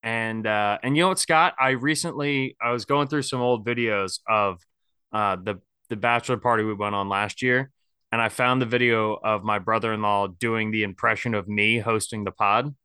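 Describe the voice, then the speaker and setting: A man's voice: fairly low pitch, steady tone, moderate pace, sharp tone, clear, resonant tone, no echo, clean studio sound. A man hosting a casual sports podcast, talking candidly and rambling with lots of fillers. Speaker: podcast host.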